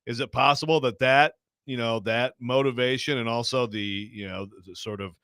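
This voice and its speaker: A man co-hosting a sports talk show, joking in quick casual back-and-forth. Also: medium pitch, a bit bright, no room sound, studio quality. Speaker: sports radio co-host.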